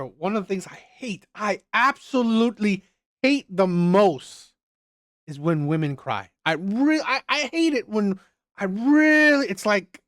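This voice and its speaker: A man's voice: sits high, no room sound, clean studio sound. A man hosting a reaction channel, giving opinionated commentary in a rambling way, often restarting and repeating his phrases.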